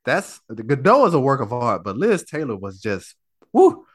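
A man co-hosting a podcast in casual chat, animated and profane, stammering and restarting as he talks. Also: medium pitch, moderate pace, breathy edge. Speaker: podcast co-host.

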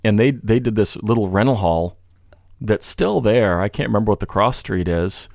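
A man's voice: on the low side, expressive, moderate pace, vocal fry, darkish tone, dry recording, clean studio sound. A man in casual podcast conversation, talking in a rambling way with many restarts and "you know" fillers.

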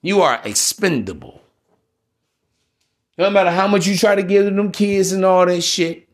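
High-voiced man ranting in street slang. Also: lively intonation, unhurried. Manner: profane, preachy, street-slang rant addressed to listeners. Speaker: podcast host. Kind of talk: solo podcast monologue.

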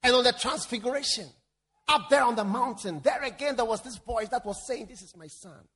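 Husky preacher man, emphatic sermon. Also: very high-pitched, fairly quick. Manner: emphatic, rising and falling between loud calls and soft prayer.

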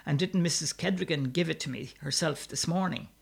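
A man voicing a rough, bullying older brother who barks commands. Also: fairly high pitch, fairly quick. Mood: gruff. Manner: gruff, commanding.

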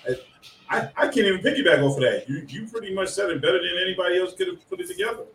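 A man's voice: high-pitched, lively intonation, racing, fairly bright tone, slight background noise. Man joking from a roomy, distant mic. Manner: brief, joking asides. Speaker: podcast co-host. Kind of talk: casual podcast chat. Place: his room. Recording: roomy and distant with faint ambience.

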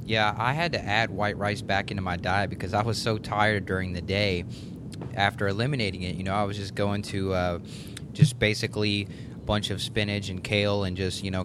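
A lower-voiced man hosts the podcast, throwing out his questions with eager energy. A clear rumbling noise runs under the recording. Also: little pitch movement, normal speed. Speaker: host. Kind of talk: casual chat.

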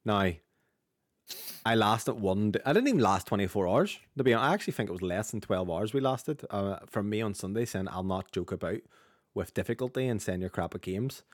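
A man's voice: lowish voice, animated, no echo, studio quality. A man with a Northern Irish accent co-hosting a gaming podcast in casual, sweary banter. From Northern Ireland. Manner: rapid, chatty, sweary banter. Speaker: podcast co-host.

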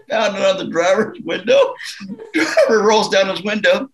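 A man from Canada sits in as a musician guest on a casual interview, spinning an anecdote with animated delivery and frequent laughter. His voice sits a little high for a man. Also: normal speed, a little hiss or hum, low-quality recording.

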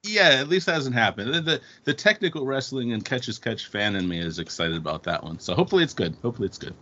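Lively bright-voiced male podcast guest. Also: mid-range voice, quick pace. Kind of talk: casual podcast chat. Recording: dull lo-fi audio.

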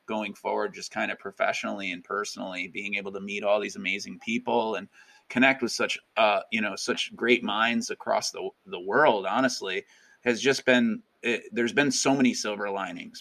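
Upbeat chatty man with a bright voice. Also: fairly low pitch, fairly even intonation, normal speed, gravelly. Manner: upbeat, chatty, many fillers. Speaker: guest educator and author. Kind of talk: casual interview chat.

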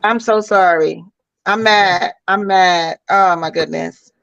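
A woman's voice: on the low side, takes it slowly, gravelly, a bit bright, dry recording. A woman guest on a podcast, chatting casually and animatedly, exclaiming and repeating herself as she reacts. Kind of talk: casual chat. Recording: dull, dry lo-fi audio.

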